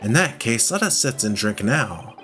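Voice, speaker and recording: A man doing a pompous posh gentleman detective. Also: medium pitch, sing-song, moderate pace, soft background music. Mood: grandiose. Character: pompous older male gentleman detective, grandiose.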